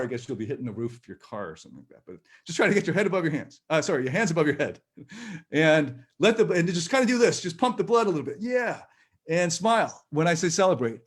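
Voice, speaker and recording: A man leading a live-streamed personal growth workshop, talking in a gentle, reassuring and chatty way with light laughs. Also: a little high, animated, fairly quick, slightly rough.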